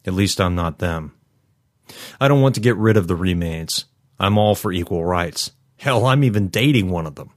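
A man narrating a first-person story in a measured, somber way. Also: low voice, lively intonation. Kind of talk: first-person fiction reading.

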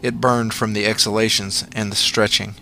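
A man reading a horror story aloud in a measured, dramatic storytelling manner. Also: lowish voice, little pitch movement, gravelly, sharp tone, slight background noise. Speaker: narrator. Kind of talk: scripted horror story narration.

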